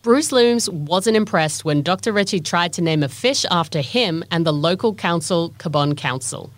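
A woman narrates a documentary in a measured, steady scripted read. Her voice sits a little low, recorded dry and close. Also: no room sound.

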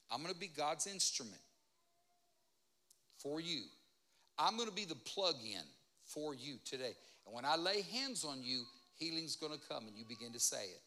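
A man preaching as a guest speaker at a church, pleading with the congregation, calling for amens and swinging between loud and soft. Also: on the high side, big pitch swings, moderate pace. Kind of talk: sermon.

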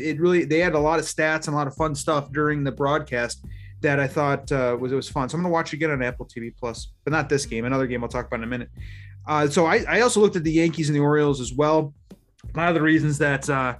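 Brief: male co-host, slightly high voice, rambling betting talk, soft music bed. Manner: chatty, rambling with restarts. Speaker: sports betting podcast co-host. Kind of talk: casual chat.

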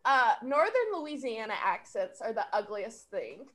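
A woman's voice: on the high side, big pitch swings, measured pace, over a noisy crowd. A woman chatting casually, giggly, wry and crude. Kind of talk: casual chat.

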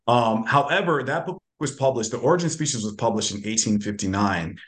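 A man's voice: mid-range voice, fairly quick. A male guest author explaining in casual talk, with plenty of fillers and restarts. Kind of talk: casual chat.

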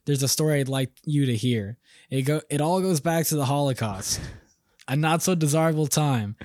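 A young man with a slightly high voice co-hosts a casual podcast and reads out an absurd story in a deadpan delivery, laughing now and then. His voice is close and dry, with no room around it. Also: no echo. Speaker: podcast co-host. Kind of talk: casual podcast chat, reading a comic story.

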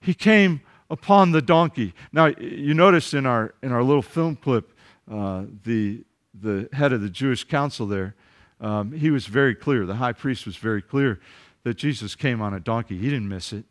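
A male pastor preaches earnestly and emphatically, speaking off the cuff, repeating words and firing rhetorical questions at his listeners. His voice is medium in pitch and moves at a normal speed.

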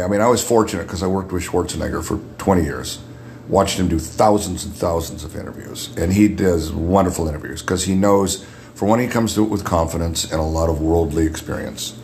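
Man, very low gravelly radio voice, halting restarts, faint noise behind. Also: a little mellow. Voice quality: deep radio voice. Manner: halting, repeats words when starting a thought. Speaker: guest, makeup artist. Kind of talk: casual podcast conversation.

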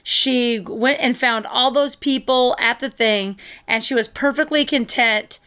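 Female co-host, fairly high voice, eager plot retelling, quick restarts, casual chat. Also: a bit bright, smooth. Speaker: podcast co-host. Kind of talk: casual movie review chat.

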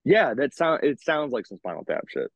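A metal band singer chats casually as a guest, telling stories with animation and laughing between lines. His mid-range, husky voice moves at normal speed, and the dry recording has a dull lo-fi sound.

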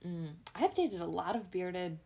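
A woman co-hosting a casual podcast, telling animated stories and laughing through them. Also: fairly low pitch, a little slow, vocal fry, a little hiss or hum. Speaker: podcast co-host. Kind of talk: casual chat, storytelling.

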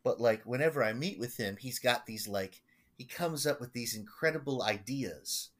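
A man, a pastor, telling stories in a casual podcast chat, halting and rambling with many restarts. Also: medium pitch, fairly bright tone.

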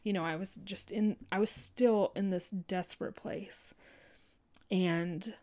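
A woman telling a heartfelt personal faith story in an earnest, halting way, full of restarts and fillers like "you know". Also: mid-range voice, steady tone, a little mellow.

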